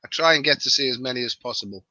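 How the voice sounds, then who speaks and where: A man's voice: medium pitch, very fast, bright, forceful tone, dry recording, poor audio. A middle-aged man from near Liverpool with a Scouse accent, chatting casually as a guest and joking at his own expense. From the Wirral, near Liverpool, England. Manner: chatty, self-mocking, laughs easily. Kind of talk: casual live-stream chat.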